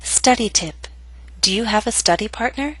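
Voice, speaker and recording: A woman teaching English pronunciation, reading lesson steps slowly and carefully and modeling each phrase. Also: a little high, animated, breathy edge, no echo, poor audio. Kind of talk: slow, careful lesson narration.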